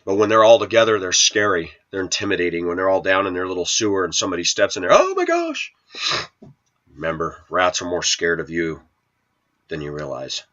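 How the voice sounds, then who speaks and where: A man's voice: deep voice, steady tone, fast talker, a bit bright. Sniffly middle-aged man ranting to camera. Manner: preachy, combative, scolding. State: sniffly with a cold. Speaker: video channel host. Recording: dull lo-fi sound.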